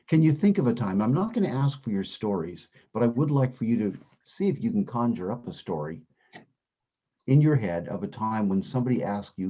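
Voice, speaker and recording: A man with a low, mellow and slightly husky voice teaches a Bible class in an easy, conversational way. He asks his listeners questions and comes back to his key phrases again and again. The recording sounds dull and lo-fi. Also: lively intonation, moderate pace. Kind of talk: interactive class lesson.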